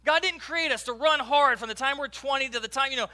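At church, a pastor preaches a sermon in an extremely high-pitched voice, talking fast with few pauses. He jokes and addresses the congregation directly in a lively, conversational style.

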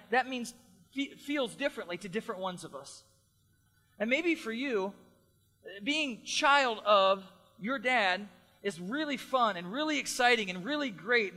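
Male pastor, middle-aged, higher voice, emphatic sermon in a reverberant church hall. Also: bright, forceful tone. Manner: earnest, emphatic preaching with repeated phrases.

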